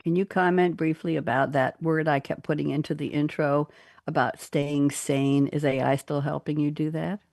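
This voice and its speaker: Animated talk-radio hostess with gravelly voice. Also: female voice, low-pitched, moderate pace, no room sound, clean studio sound. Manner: animated, reads quotes dramatically. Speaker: host. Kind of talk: radio talk show hosting.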